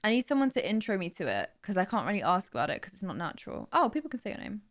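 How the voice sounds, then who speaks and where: A woman's voice: medium pitch, wildly swooping pitch, rapid-fire. A young woman hosting a livestream, chatting casually and answering viewers' questions with frequent laughs. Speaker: livestream host.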